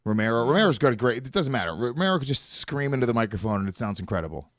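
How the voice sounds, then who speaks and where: A man from the United States with a deep voice, co-hosting a podcast in laid-back, teasing, swearing banter. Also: expressive, racing, no room sound, studio quality. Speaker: podcast co-host.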